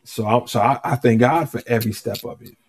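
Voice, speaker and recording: A guest musician with a medium-pitched voice tells a story at a fairly quick pace, relaxed and conversational. He's animated, restarts his sentences often, and acts out the dialogue.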